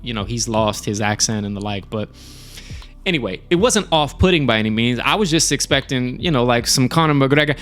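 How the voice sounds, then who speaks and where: A man hosting a live stream and reviewing shows in a relaxed, chatty way, cursing casually and often restarting his sentences. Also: mid-range voice, quick pace, music in the background. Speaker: streamer and show host.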